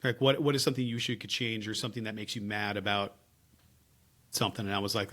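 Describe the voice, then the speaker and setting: A man co-hosting a podcast, telling stories in casual chat with lots of laughs and lively swings. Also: fairly low pitch, fast talker. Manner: animated, laughing storyteller. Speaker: podcast co-host.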